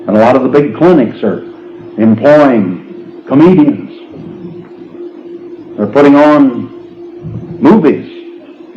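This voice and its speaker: A man's voice: a little high, warm tone, slight background noise. A man, telling folksy stand-up stories and chuckling at his own jokes before a live audience. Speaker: comedian. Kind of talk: stand-up storytelling. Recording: dull lo-fi live recording.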